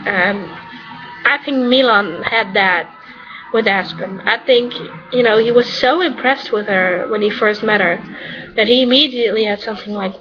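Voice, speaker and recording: A chatty Dutch woman talks casually to her viewers, rambling a little and leaning on easy fillers. Her voice sits at an ordinary middle pitch. The recording sounds dull and lo-fi, with clear music playing behind her. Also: normal speed. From Netherlands. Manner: chatty and rambling, many "you know" fillers. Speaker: vlogger answering questions about her character. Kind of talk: casual chat.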